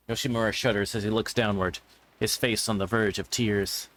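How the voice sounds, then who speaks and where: Low-voiced man reading a story aloud. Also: fairly even intonation, moderate pace, fairly bright tone. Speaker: streamer. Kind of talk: reading a visual novel aloud.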